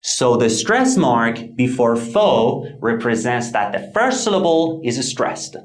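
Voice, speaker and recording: Male pronunciation teacher, scripted lesson narration, clear deliberate delivery, unhurried pace. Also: medium pitch, sing-song. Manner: clear, deliberate, explanatory delivery, slowing down to model words.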